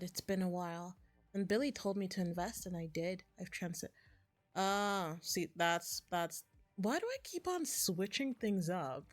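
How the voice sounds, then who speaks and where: Chatty woman streamer reading game dialogue. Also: lowish voice. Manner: reads game dialogue aloud, chatty asides. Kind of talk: casual gameplay commentary.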